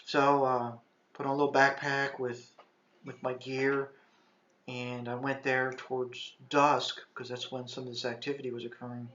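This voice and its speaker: Intense retired ranger telling a story. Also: male voice, medium pitch, flat delivery. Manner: intense, shouts quoted commands; halting, restarts often. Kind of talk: first-person storytelling. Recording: echoey, slightly dull sound.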